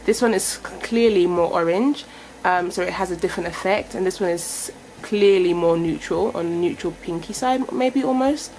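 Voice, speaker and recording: A woman's voice: fairly low pitch, normal speed, darkish tone, a little hiss or hum, rough recording. Chatty young woman reviewing makeup. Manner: chatty, thinking aloud, self-correcting. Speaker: beauty vlogger.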